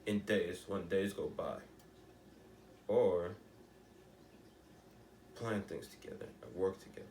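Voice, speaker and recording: A man's voice: sits low, slow pace, warm tone, roomy sound, far from the mic, slight background noise. A teenage boy talking in a rambling, emphatic way, often restarting and asking rhetorical questions. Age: teens. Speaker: vlogger. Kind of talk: casual monologue to camera.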